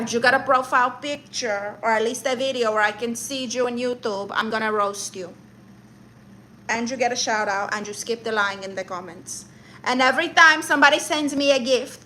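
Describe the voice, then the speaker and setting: A woman's voice: a little high, pushed and bright, a little hiss or hum. A woman live streaming comedy who rants and roasts her viewers in a brash, sassy, mock-insulting way, with Spanish exclamations thrown in.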